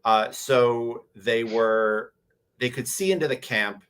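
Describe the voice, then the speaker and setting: A man's voice: medium pitch, slow, a bit bright, smooth. A man on a convention panel, animatedly telling a tabletop game story with many restarts. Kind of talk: casual panel chat.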